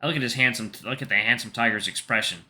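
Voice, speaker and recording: A man's voice: mid-range voice, fast, pushed and bright. A man reading a visual novel aloud, narrating its story in the first person. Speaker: gaming channel narrator.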